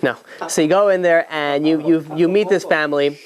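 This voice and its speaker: A male rabbi giving an animated storytelling sermon, talking straight to his listeners with many restarts. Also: fairly high pitch, fairly quick. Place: speaking in New York.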